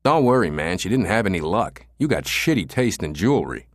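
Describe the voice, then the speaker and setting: A man's voice: low-pitched, sing-song, fairly quick, no echo, studio quality. A man voicing a crude, cocky young male punk who swears and mocks, in a raised voice. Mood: mocking, brash. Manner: brash, swearing, mocking.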